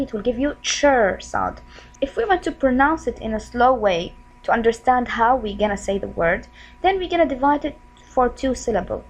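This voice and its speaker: Woman, teacher, slightly high voice, friendly, sounds out syllables slowly. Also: rough recording. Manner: repeats sounds slowly and clearly; friendly, asks questions of the learners. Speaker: English teacher. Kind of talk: spelling lesson.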